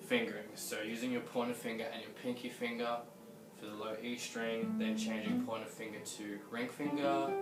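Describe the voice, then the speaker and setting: A man teaching a guitar lesson on video, patiently explaining scales and counting in the tempo. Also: on the low side. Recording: roomy echo, distant mic, guitar.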